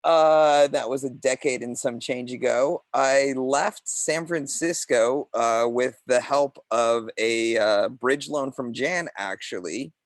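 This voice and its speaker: A man's voice: medium pitch, takes it slowly, few pauses, dry recording. A man on a casual video call, speaking in a matter-of-fact way.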